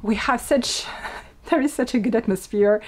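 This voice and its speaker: A French woman with a French accent, hosting her own podcast in casual chat and talking quickly with many fillers. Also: a little high. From France. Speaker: podcast host and indie yarn dyer.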